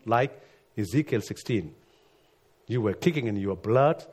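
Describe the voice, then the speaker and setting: Guy preaching, kinda husky, earnest, voice jumps up then drops way down. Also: expressive, measured pace. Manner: earnest, rising to emphatic peaks then dropping low. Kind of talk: sermon.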